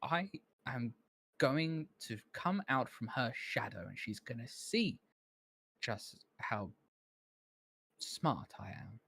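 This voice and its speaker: A man's voice: mid-range voice, sing-song, takes it slowly, vocal fry, sharp tone, husky, no room sound, pitched above the performer's own voice, heavily acted. A man voicing a resentful, whiny young male bookkeeper's assistant who stammers petulantly.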